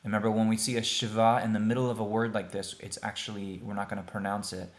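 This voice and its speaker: Patient man slowly modeling Hebrew words. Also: fairly low pitch, flat delivery. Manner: plain, conversational, thinks aloud with fillers. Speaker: Hebrew teacher. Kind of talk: screen-share language lesson.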